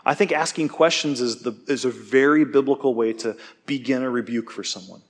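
A man's voice: mid-range voice, a little fast. Man preaching a casual, chatty sermon. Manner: casual, self-deprecating, asks "okay?" often. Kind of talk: conversational sermon.

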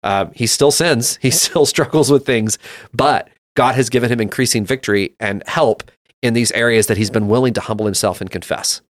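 A man's voice: mid-range voice, normal speed, no echo, studio quality. A man in his thirties, a father, telling a personal story in a reflective way during a casual faith conversation. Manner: reflective storytelling, with frequent restarts.

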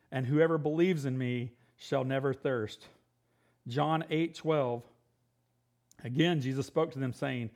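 A man preaching a sermon, reading scripture aloud and then talking it through casually, with quick laughs and sudden excited outbursts. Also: medium pitch, vocal fry. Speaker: pastor.

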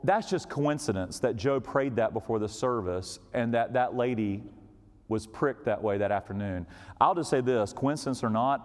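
A man preaching as a pastor, telling a story in an animated way and acting out quoted voices, sometimes dropping to a whisper. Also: mid-range voice. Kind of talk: storytelling sermon. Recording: long hall reverb.

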